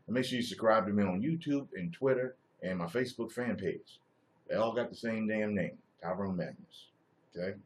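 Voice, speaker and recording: A man hosting a live stream, chatting casually with crude jokes. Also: fairly low pitch. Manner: crude, joking, animated.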